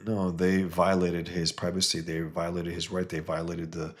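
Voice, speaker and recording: A low-pitched man holds forth on comics in a casual monologue. He argues bluntly and with heat, and he shows scorn for views he rejects. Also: monotone, normal speed. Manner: heated, blunt, mocks others with sudden high put-on voices. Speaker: comics creator.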